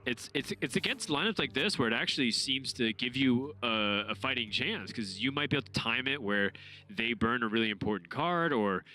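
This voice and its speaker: A man's voice: medium pitch, lively intonation, moderate pace, bright, forceful tone. A man casting a card game tournament, analytical with joking asides. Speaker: esports caster. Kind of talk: play-by-play commentary. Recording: music bed under commentary.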